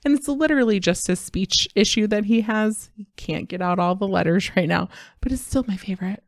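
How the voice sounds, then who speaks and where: A woman in her thirties co-hosting a casual podcast, telling stories with lively energy and mimicking children's voices. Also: medium pitch, fairly quick, no echo, clean studio sound. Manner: animated storytelling, imitates kids' voices. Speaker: podcast co-host. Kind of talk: casual chat.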